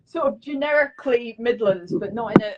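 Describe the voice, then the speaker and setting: A woman's voice: on the high side, a little fast, dull audio, very noisy. A woman from England with a Leicester accent, chatting as a guest author over a video call, swearing freely and filling her talk with "like" and "you know". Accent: Leicester English. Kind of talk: casual video call chat.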